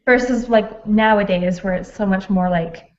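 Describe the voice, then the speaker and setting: A woman's voice: mid-range voice, moderate pace. A young woman chatting casually in a book club discussion, talkative and laughing often. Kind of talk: casual chat. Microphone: video call. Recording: dull lo-fi sound.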